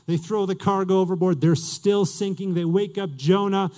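A man's voice: high voice, steady tone, normal speed, warm tone. A male pastor preaching a sermon in a conversational way, asking his listeners questions and reading scripture aloud.

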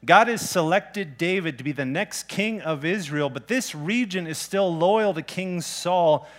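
A pastor delivering a sermon in a relaxed, everyday way of talking. His voice sits a little higher than most men's. He poses direct questions to his listeners and retells scripture in casual words. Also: unhurried. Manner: conversational, plain-spoken preaching with rhetorical questions.

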